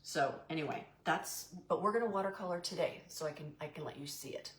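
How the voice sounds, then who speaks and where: A woman's voice: low-pitched, a little fast, echoey room. A woman hosting a live painting demo who chats in a goofy way with viewers and calls them "y'all". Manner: chatty and goofy, answers live chat by name. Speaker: craft live-stream host.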